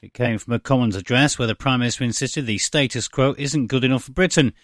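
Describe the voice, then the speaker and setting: A man reading a scripted radio news bulletin in a measured, even delivery. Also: medium pitch, no room sound, studio quality. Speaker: newsreader. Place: studio. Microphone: studio microphone.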